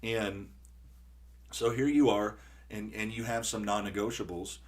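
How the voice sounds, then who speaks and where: Low-voiced man telling stories animatedly. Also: measured pace. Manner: animated storyteller acting out quotes. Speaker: podcast host. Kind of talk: casual conversation.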